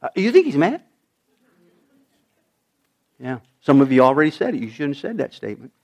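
A middle-aged man preaching a sermon in an animated way, his voice rising high and dropping low for emphasis. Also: moderate pace. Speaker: pastor.

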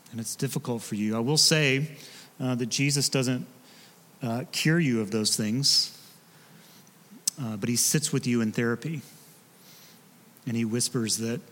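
A man, a pastor preaching in a relaxed, conversational way with joking asides to his congregation. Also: mid-range voice, measured pace, long pauses, big-room sound. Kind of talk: sermon. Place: church sanctuary.

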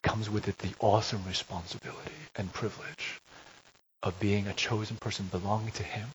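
A man preaching a sermon, telling a story and rising to loud, emphatic peaks. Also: lowish voice, flat delivery, moderate pace. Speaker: pastor. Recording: dull lo-fi recording with faint hiss.

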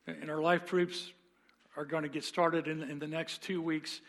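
A man, a pastor, preaching a sermon and telling a story earnestly with dramatic pauses. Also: fairly high pitch, little pitch movement, fairly bright tone.

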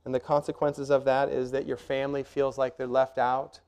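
A man's voice: mid-range voice, little pitch movement, normal speed, darkish tone, clean tone. Earnest male pastor preaching a sermon. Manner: earnest, emphatic preaching with rhetorical questions and numbered points.

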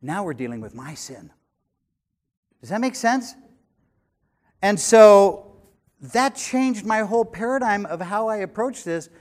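Older man, pastor, sermon, fairly high voice, animated, loud then hushed, conversational. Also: unhurried, pauses often. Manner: animated, swinging between loud emphasis and quiet asides.

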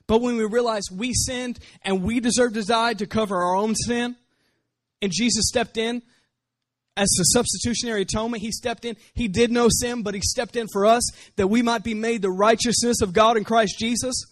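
A man preaching with a bright, fairly high voice that keeps driving the message home. He leans on rhetorical questions to press each point, and the sound is dry and close with no room echo. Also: steady tone, normal speed. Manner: emphatic, repeats rhetorical questions. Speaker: pastor. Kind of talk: sermon.

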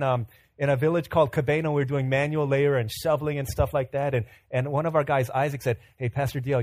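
A pastor preaching a sermon tells funny, self-deprecating stories with animation, then grows earnest and quieter as he exhorts. His voice sits on the high side, and there's no room sound.

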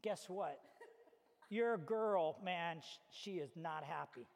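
A man preaching a sermon as a pastor, telling stories with animated acted-out little scenes. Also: a little high, slow pace, creaky. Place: church hall. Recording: reverberant hall.

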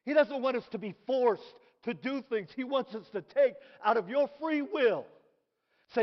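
A middle-aged man preaching a sermon in an animated way, dropping to soft asides and rising to shouted praise. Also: very high voice, measured pace. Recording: dull recording in a reverberant hall.

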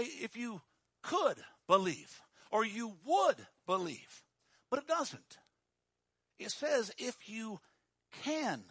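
High-pitched, bright-voiced male preacher. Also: slightly rough, dry recording, studio quality. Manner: dramatic, swings from hushed to shouting. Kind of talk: sermon.

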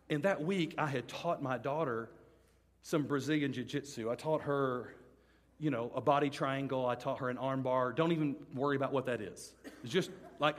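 Husky preacher man in a reverberant hall. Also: mid-range voice. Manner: animated storyteller, swings from loud comic bits to hushed earnest. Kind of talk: sermon with personal storytelling. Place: large hall with a live audience. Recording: long hall reverb from a live venue.

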